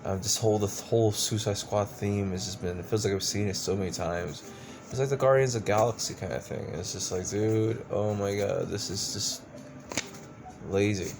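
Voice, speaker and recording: A man's voice: on the low side, normal speed, gravelly, music in the background. A man reviewing a movie in a casual rant, exasperated and profane, rambling with lots of restarts. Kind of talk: casual ranting film review.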